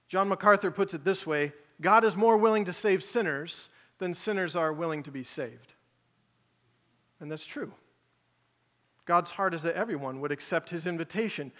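A man's voice: high voice, a bit bright, long reverb tail. A man preaching a sermon in a conversational way, paraphrasing Jesus and his listeners in casual speech. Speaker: pastor.

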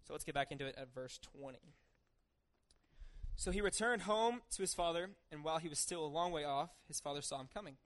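A young man with a somewhat high voice delivers a laid-back sermon. He reads the passage and then retells it informally, slipping into everyday voices for the people in the story. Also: brisk, a bit bright. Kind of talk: casual sermon with scripture reading.

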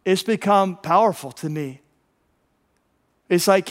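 A man's voice: sits high, normal speed, in a large hall. A pastor preaching a sermon, telling a story animatedly and often repeating words as he builds up.

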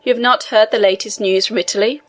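A woman reading the lines of a male prison inspector who speaks in a formal, measured way. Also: mid-range voice, fairly even intonation, lightly acted.

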